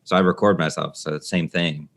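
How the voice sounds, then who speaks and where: A man's voice: low-pitched, fairly even intonation, fast, a bit bright. A man hosting a podcast in casual chat, thinking aloud and jumping between points. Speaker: podcast host.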